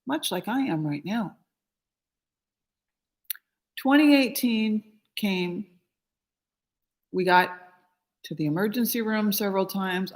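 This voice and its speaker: An emotional personal account comes from a middle-aged woman, a spiritual healer, who talks in a casual style with frequent fillers. She dramatizes what others said by getting higher and louder.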